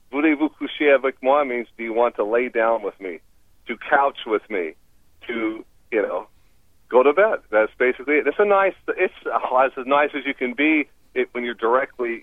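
Heard through a tinny phone call, a man with a mid-range voice and no echo around him talks on a radio interview. He's a language specialist walking listeners through foreign phrases, upbeat and teacherly, laughing readily.

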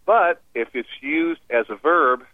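A man's voice: on the high side, animated, a little slow, no room sound. A man guest explaining foreign phrases on a radio interview in an upbeat, teacherly way, laughing easily. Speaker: language expert guest. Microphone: phone call. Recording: tinny phone line.

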